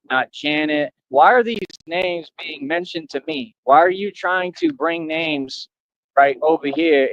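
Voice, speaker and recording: A man's voice: fairly high pitch, no room sound, dull audio. A man ranting on a livestream, boastful and defiant, falling back on "like I said" again and again.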